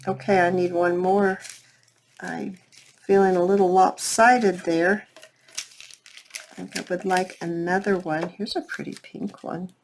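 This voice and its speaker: A woman with a fairly low, creaky voice chats casually while she works on a craft project, thinking out loud and addressing her viewers. There's a little hiss or hum in the recording.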